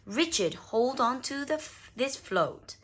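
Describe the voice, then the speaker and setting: A woman voicing a gentle, patient mother rabbit in a storybook reading. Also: high voice, expressive, slow, slightly rough, voice pushed up, full character voice.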